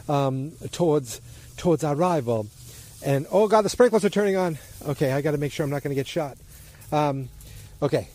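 A man casually retelling a TV episode outdoors, rambling and acting out the characters' lines with jumps in his voice. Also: dark tone. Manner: rambling, acts out quoted lines with jumps in pitch. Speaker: TV episode recapper. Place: outdoors near turning-on sprinklers.

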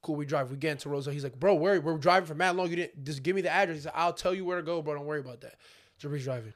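A man's voice: on the high side, rapid-fire. A young man and podcast co-host telling a story in casual slangy chat, acting out his friends' lines. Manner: animated, acts out friends' voices, slangy.

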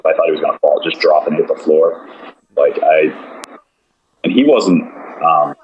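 Very deep-voiced man, rambling casually. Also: normal speed, muffled recording. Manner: loose and rambling, with many fillers. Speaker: podcast guest. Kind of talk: casual chat.

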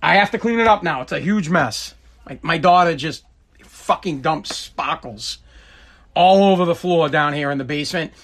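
A man's voice: high voice, fairly bright tone. A man hosting a podcast, ranting in a rambling, profane, repetitive way from his home basement. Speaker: podcast host. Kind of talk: casual solo rant.

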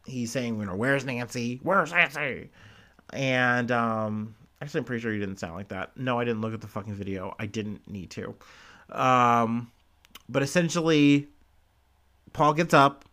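A man's voice: mid-range voice, fairly even intonation, normal speed, fairly bright tone. Man, casual news-commentary host, profane, rambling, unscripted. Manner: loose, profane, rambling with many fillers.

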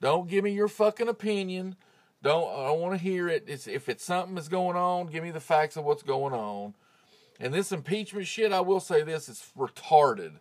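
A man hosting his own podcast, recorded in a home closet on a phone with a clip-on mic, talking in a casual, profane rant that swings into loud, heated outbursts. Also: a little high, animated, normal speed. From United States. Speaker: podcast host. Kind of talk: casual ranting monologue.

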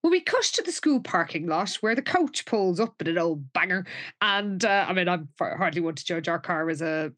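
A woman's voice: lowish voice, lively intonation, normal speed, a bit bright. A woman co-hosting a podcast, recapping a TV episode in a wry, chatty way, often restarting sentences and laughing at her own jokes. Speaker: podcast co-host. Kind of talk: casual chat recapping a TV episode.

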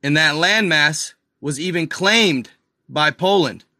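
A man casually talking viewers through old images in a video, excited and incredulous, calling them y'all. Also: on the high side, slow pace, dry recording, clean studio sound. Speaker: video host. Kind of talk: casual screen-share commentary.

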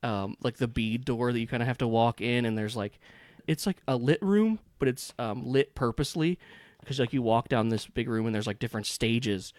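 A man's voice: mid-range voice, normal speed, a little mellow, no room sound. Rambling male game master, dry sound. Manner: rambling with many fillers and restarts. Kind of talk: narrating a tabletop game.

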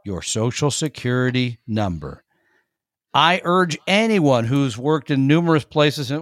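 A man's voice: mid-range voice, animated, unhurried, dry recording. A man co-hosting a radio money show in a casual, emphatic, chatty way, laughing easily. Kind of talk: casual money-advice talk.

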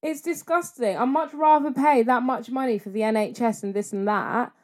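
A woman's voice: on the high side, normal speed. Chatty young woman. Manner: chatty, enthusiastic, slangy. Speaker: podcast co-host. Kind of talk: casual chat.

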